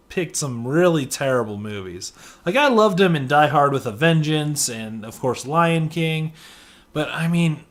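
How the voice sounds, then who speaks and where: A man's voice: on the high side, a bit bright. A man giving a casual movie review, rambling with many fillers and restarts.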